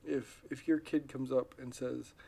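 Male podcast host with a gravelly voice at mid pitch, rambling and relaxed, restarting his sentences often. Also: a little slow. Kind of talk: casual solo podcast talk.

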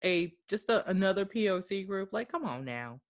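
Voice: mid-range voice, moderate pace, no room sound. A podcast host chatting casually, rambling with lots of filler words and frequent laughter. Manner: rambling and animated, many "like" fillers; laughs often. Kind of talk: casual chat.

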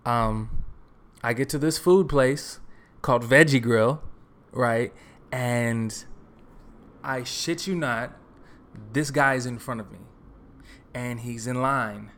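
A young man from Texas hosting a solo podcast, telling a story in a relaxed, joking, rambling way with lots of fillers. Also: medium pitch, slow, long pauses. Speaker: podcast host. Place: his apartment.

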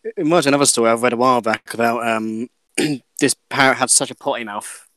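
A man's voice: mid-range voice, fast, pushed and bright, no room sound. A man with an ordinary mid-range voice, co-hosting a podcast. He chats in a laid-back way, trailing off into fillers. The sound is close and dry. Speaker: podcast co-host. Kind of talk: casual podcast chat.

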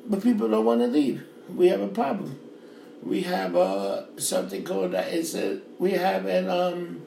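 This is a middle-aged man with a thick New York accent and a gravelly, fairly high voice, hammering away in a profane, repetitive rant. His voice bounces around a roomy space, with faint background noise underneath. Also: dark tone. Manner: fiery, profane, repetitive ranting. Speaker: bar worker. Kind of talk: ranting monologue.

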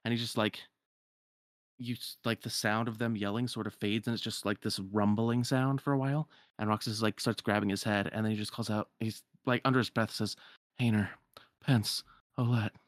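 A man's voice: fairly low pitch, fairly even intonation, no echo, studio quality. Man casually retelling a video game. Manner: loose, filler-heavy retelling with quick character voices. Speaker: game recapper.

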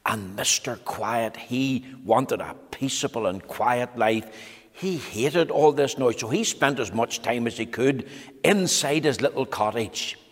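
A man reading a storybook aloud to children in an animated, dramatic manner, talking to them directly. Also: medium pitch, unhurried. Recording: echoey hall reverb.

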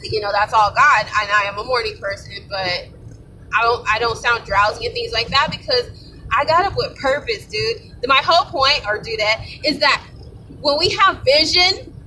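Woman, high voice, casual faith talk, off-mic with a heavy rumble behind. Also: normal speed. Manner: rambling, conversational, asks for agreement. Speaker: Christian speaker. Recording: distant mic with loud rumble.

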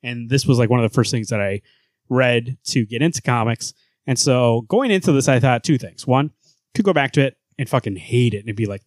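A man's voice: mid-range voice, fairly quick, dry recording, studio quality. A man co-hosting a comics podcast, talking casually in a joking, rambling, profane way. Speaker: podcast co-host. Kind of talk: casual chat.

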